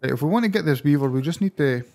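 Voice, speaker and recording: A man with a Scottish accent giving excitable let's-play commentary as he plays, breaking into surprised exclamations. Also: fairly high pitch, rapid-fire, vocal fry. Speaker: gaming channel host.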